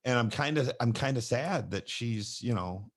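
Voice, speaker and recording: Male podcast host, mid-pitched, lively storyteller acting out quotes. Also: normal speed. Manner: animated storyteller who acts out quoted lines. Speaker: podcast host and gymnastics coach. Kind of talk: casual chat.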